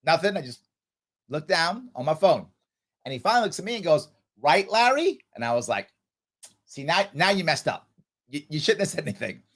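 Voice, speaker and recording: A man's voice: fairly high pitch, sing-song, a little fast, long pauses, fairly bright tone. A man hosting a casual livestream Q&A, telling stories animatedly and acting out other people's voices. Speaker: livestream host answering viewer questions.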